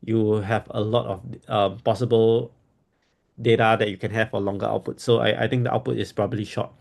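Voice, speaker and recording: A man's voice: lowish voice, level tone, a little fast, vocal fry, darkish tone. A man hosting a casual technical discussion, explaining while thinking aloud and often repeating his words.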